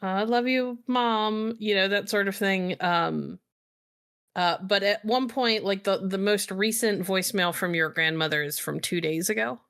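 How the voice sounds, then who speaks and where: A woman narrating a tabletop role-playing game as storyteller, in a relaxed, filler-heavy way. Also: mid-range voice, normal speed, gravelly, smooth.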